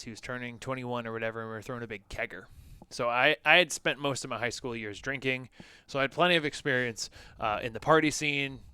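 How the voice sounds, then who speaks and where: A man's voice: medium pitch, bright, forceful tone, smooth, no echo. A man co-hosting a podcast, telling a personal story in a loose, conversational way with lots of "like" and "you know". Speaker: podcast co-host.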